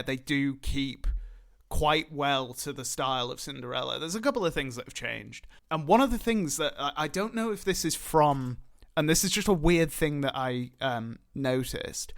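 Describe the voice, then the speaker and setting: Young guy chatting on a podcast, kinda high voice, lots of uh and like. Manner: rambling, hesitant, animated retelling. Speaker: podcast co-host. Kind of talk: casual chat.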